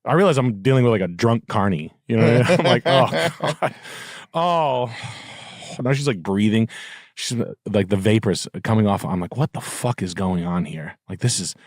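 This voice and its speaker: Man, middle-aged, podcast host, casual storytelling, profane, sardonic, lively swinging pitch. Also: normal speed, dry recording, studio quality.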